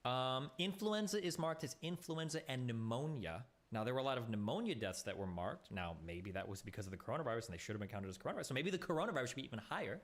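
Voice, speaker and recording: Fast, animated sarcastic male debater. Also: medium pitch. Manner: sarcastic, rattles off statistics fast. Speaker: streamer debating a guest. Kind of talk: heated debate chat.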